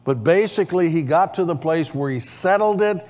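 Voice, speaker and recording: Preaching in a church sanctuary, this pastor has a fairly high yet darkish voice that is expressive and set at a normal speed. He draws amens from the congregation in call-and-response throughout the sermon, with long church hall reverb.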